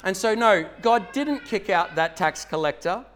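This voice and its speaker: A man's voice: sits high, lively intonation, unhurried, fairly bright tone, slight background noise. A male pastor from Australia preaching a sermon in a church, earnest and conversational, building to emphatic peaks.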